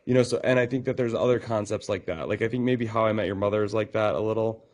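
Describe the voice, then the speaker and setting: A man's voice: on the low side, fast. A man talking as a podcast guest about his comedy and fitness classes, rambling with many fillers and acting out quotes. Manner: rambling, filler-heavy, animated quoting. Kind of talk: casual podcast conversation.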